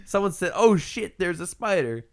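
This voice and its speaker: A man's voice: sits high, sing-song, moderate pace. A man in a casual podcast chat, telling stories and acting out other people's voices, swearing freely. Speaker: podcast co-host.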